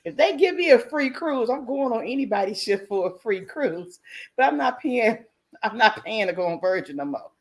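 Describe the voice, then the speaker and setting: A woman's voice: a little high, lively intonation, normal speed. A woman hosting a casual live stream about cruising, talking frankly, greeting chatters by name and laughing often. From United States.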